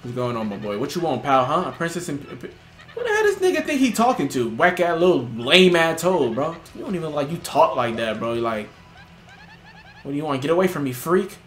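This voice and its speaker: A young man doing casual, joking let's-play commentary, reacting loudly with slang and laughter. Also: a little high, wildly swooping pitch, brisk, a little hiss or hum. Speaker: gaming streamer. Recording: roomy with music in background.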